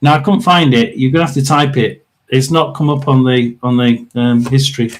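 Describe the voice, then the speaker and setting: A man hosting a casual livestream tarot reading, talking to viewers in a rambling, chatty way with lots of fillers and throat clearing. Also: mid-range voice, fairly even intonation, brisk. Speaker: tarot reader and livestream host.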